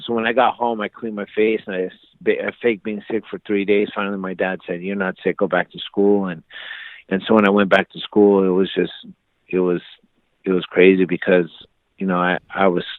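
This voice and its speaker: A man's voice: low-pitched, no echo. A man in his forties, a podcast guest, telling a story in a casual interview and acting out the voices of the people in it. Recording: dry phone-like line.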